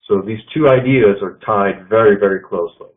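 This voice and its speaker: Guy giving a leadership talk, lowish voice, thin phone-like audio. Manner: measured, storytelling with quotes. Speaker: leadership speaker. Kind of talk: presentation to an audience. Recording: tinny phone-like sound.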